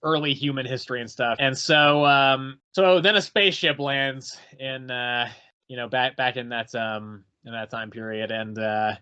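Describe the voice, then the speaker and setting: Bright-voiced man, casual podcast chat. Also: mid-range voice, fairly even intonation, moderate pace, clean tone, dull audio. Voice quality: hesitant, filler-laden. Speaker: comics podcast co-host.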